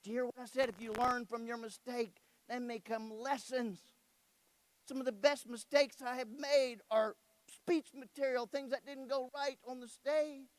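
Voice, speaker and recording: A man's voice: very high-pitched, normal speed, no echo. A man giving a motivational speech to a youth audience, telling stories animatedly and putting questions straight to the crowd. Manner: animated storyteller who acts out dialogue; addresses the audience directly with questions. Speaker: convention speaker.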